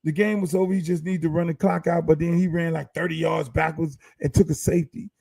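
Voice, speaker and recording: A man's voice: fairly high pitch, steady tone, fast talker, gravelly, a little mellow, breathy edge, no echo. A man hosting his own podcast, ranting in a casual, profane, heated way and firing off rhetorical questions. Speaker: podcast host.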